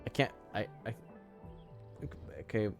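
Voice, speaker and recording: A man's voice: measured pace, music in the background. A man live-streaming a game, chatting casually and rambling, laughing often and sounding flustered.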